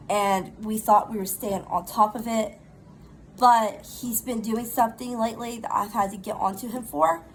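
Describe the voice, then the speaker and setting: A middle-aged woman, chatting casually in a rambling, animated storytime while recovering from pneumonia. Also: fairly high pitch, a little hiss or hum, poor audio. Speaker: vlogger.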